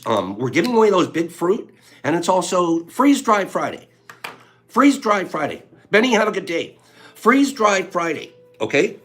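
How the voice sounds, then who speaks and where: A man hosting a casual live stream, upbeat and reading viewer answers aloud in quick bursts. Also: high voice, fairly bright tone.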